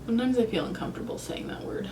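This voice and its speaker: A woman's voice: a little high, lively intonation, very fast, background noise. A young woman chatting casually in a makeup review vlog, thinking aloud and second-guessing herself. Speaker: beauty vlogger.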